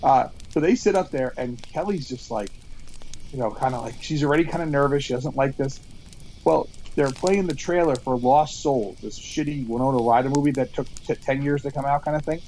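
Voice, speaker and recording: A man's voice: mid-range voice, a little fast, slight background noise, poor audio. A man co-hosting a podcast, telling a story animatedly among friends at a campfire, stumbling over restarts. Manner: animated storyteller, acts out quotes, stammers on restarts. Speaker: podcast co-host. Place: outdoors at a campfire.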